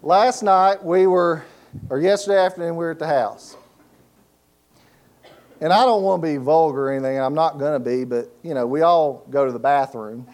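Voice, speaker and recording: Delivering a sermon at a moderate pace, this middle-aged pastor has a fairly high, darkish voice. His folksy storytelling draws laughs, and he poses call-and-response questions for the congregation to complete.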